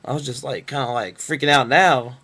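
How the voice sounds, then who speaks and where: A man's voice: mid-range voice, brisk, pushed and bright, slightly rough. A young man from Northern Kentucky telling a story to his webcam in a rambling, laid-back way, full of fillers. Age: young adult. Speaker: vlogger. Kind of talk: casual storytelling.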